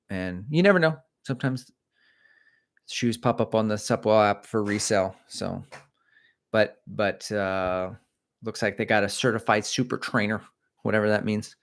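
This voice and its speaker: A middle-aged man hosting a casual livestream, reading out viewer comments and chatting in a rambling, self-deprecating way. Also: on the low side.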